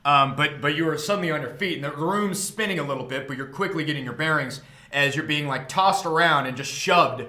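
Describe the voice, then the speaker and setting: A man's voice: a little high, fairly quick, pushed and bright, a little hiss or hum. Young man rambling as game master, roomy echo. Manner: rambling, full of fillers and laughter. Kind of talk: narrating a tabletop game on a stream.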